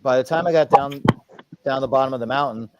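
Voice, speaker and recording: A man's voice: mid-range voice, quick pace, lo-fi sound, background noise. A man in casual chat, joking and mocking himself with plenty of swearing.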